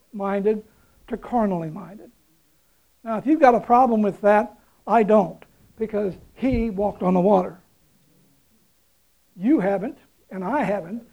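A man's voice: high-pitched, unhurried, pauses often, dark tone, rough recording. A man preaching a sermon, retelling a story in a folksy, conversational way with chuckles and emphatic repetition.

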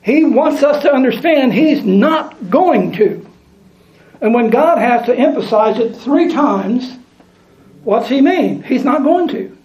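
A man's voice: very high-pitched, expressive, slow pace, darkish tone. A man preaching a sermon, reading scripture aloud and repeating lines for emphasis. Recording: echoey room, dull lo-fi sound.

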